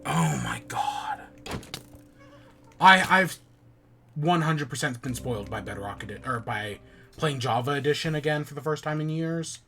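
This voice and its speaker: A man's voice: a little high, expressive, moderate pace, sharp tone, breathy edge, soft background music. A man hosting a podcast, grumbling and swearing while he plays a game and chats casually. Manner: grumbling, swearing, frustrated muttering. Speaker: podcast host playing a game while chatting. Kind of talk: casual gaming chat.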